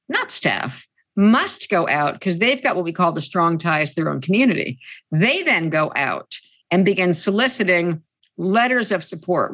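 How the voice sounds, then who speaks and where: A woman labor organizer answering interview questions in an emphatic, insistent way. She repeats her key points and slows down sharply to stress them. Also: mid-range voice, fairly bright tone.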